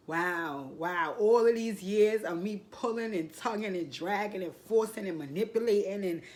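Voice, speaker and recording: A woman's voice: on the low side, a little hiss or hum. A woman talking casually to the camera in a personal vlog, speaking emotionally and reflectively, near tears. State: tearful. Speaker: vlogger.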